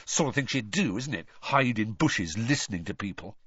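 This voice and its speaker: A man's voice: lowish voice, animated, moderate pace, fairly bright tone, husky, no echo, dull audio. A man voicing a fierce, angry teenage boy who snaps his words. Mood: bitter. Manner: heated, snapping.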